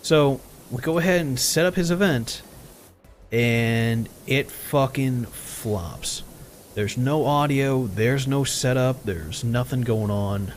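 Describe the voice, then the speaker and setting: A man streaming and casually telling stories while he plays, blunt and animated, often laughing. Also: medium pitch, takes it slowly, slight background noise. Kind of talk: casual storytelling while gaming.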